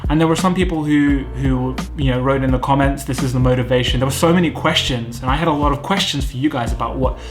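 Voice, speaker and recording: A man's voice: mid-range voice, fast, few pauses, over music. A British man in his thirties, vlogging to camera in an earnest, self-critical way, thinking aloud at home. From United Kingdom. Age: 30s. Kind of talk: candid reflective vlog talk to camera.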